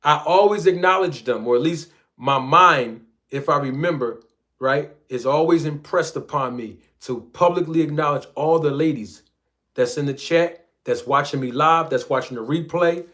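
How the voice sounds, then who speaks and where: An American man hosting a boxing talk live stream, teasing the audience with loud hype and then dropping into a soft crooning tone. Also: a little high, moderate pace. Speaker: boxing talk show host. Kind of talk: live-stream commentary and shout-outs.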